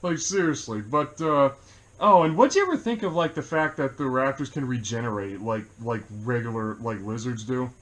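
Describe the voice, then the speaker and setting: A man's voice: medium pitch, normal speed. A man co-hosting a movie review, chatting casually, rambling with lots of fillers and laughing often. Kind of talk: casual chat.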